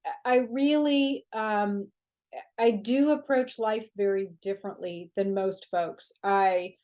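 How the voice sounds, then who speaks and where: A woman guest in a conversational interview, talking in an animated, chatty way with frequent fillers and easy laughter. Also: medium pitch, slow pace. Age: older adult. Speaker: guest author.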